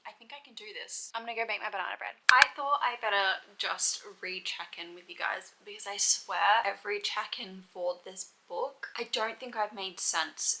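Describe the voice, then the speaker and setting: Young woman rambling about books at home, bright voice, lots of "like"s. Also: medium pitch, rough recording. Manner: rambling, emotional, many "like" fillers. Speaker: book vlogger. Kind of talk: casual reading vlog chat.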